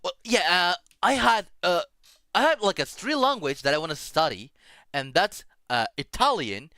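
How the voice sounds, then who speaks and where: A man chatting as a guest on a stream, excitable, laughing loudly and talking with many fillers. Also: high-pitched, normal speed, no room sound, studio quality. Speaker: guest Vtuber. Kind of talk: casual collab stream chat.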